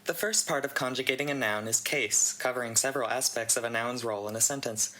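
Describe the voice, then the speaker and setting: A man hosting a channel, reading a conlang write-up aloud in a steady read-aloud delivery with dry asides. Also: mid-range voice, quick pace, low-quality recording. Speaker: channel host reading a contest entry.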